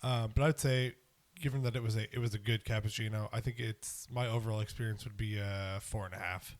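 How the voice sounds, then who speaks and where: A man co-hosting a casual podcast, reasoning aloud in a measured way. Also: on the low side, steady tone. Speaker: podcast co-host. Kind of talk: casual chat.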